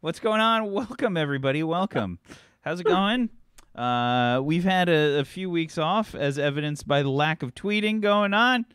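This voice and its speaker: A man's voice: a little high, animated, normal speed, a bit bright, clear, resonant tone, no echo. A man hosting and running a tabletop game, chatting casually and teasing his players with lots of laughter. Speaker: game master and host. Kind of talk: casual show intro chat.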